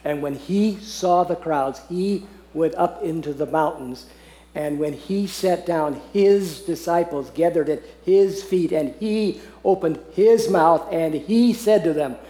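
A man teaching a Bible passage to a group, earnest and often laughing, slowing down to read verses aloud. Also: fairly high pitch, warm tone. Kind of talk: teaching talk on scripture. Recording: echoey room.

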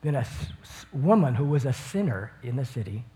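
A man giving informal Bible teaching. He swings from enthusiastic bursts into a quieter retelling of the story. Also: medium pitch, very animated, a little fast.

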